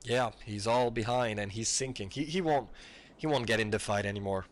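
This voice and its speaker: A man's voice: lowish voice, a little fast. A man from France with a French accent, casually commentating a naval game match, often stumbling and repeating words. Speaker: tournament commentator.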